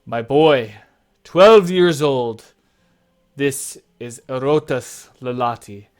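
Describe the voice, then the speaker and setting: A huge, smiling, bearded farmer, given voice by a male game master booms his welcome in a high, hearty shout. The tone stays smooth and resonant. He talks at an unhurried pace. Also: lightly acted. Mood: proud host.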